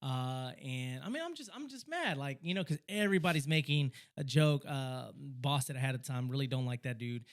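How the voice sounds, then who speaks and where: A young man co-hosting a podcast, telling a story in a casual chat, talking fast and excitedly, stumbling over and repeating words. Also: medium pitch. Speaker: podcast co-host.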